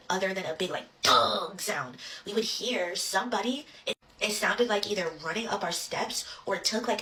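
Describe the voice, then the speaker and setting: A woman's voice: mid-range voice, pushed and bright. A young woman casually telling a childhood ghost story, rambling with lots of "like" and swearing. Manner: rambling, swears, many "like" fillers.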